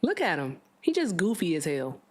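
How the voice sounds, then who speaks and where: A woman with a notably low voice hosts a home livestream on a desk mic. She talks casually and loosely, breaking off into sarcastic side comments as she reads. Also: wildly swooping pitch, normal speed, a little mellow, husky. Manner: chatty, sarcastic asides while reading aloud. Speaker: livestream political debate host.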